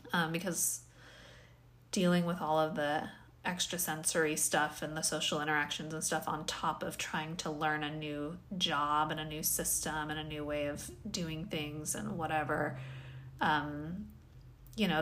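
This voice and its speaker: A tired woman hosting a casual solo podcast, rambling and questioning herself, with sighs, yawns and small laughs. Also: low voice. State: tired, yawning. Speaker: podcast host.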